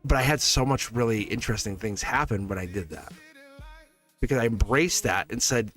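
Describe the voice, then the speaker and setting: A man's voice: medium pitch, normal speed, a bit bright, soft background music. Chatty man hosting a tarot stream. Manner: rambling, chatty, laughs often. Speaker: tarot reader and host. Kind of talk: casual livestream tarot chat. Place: his own studio.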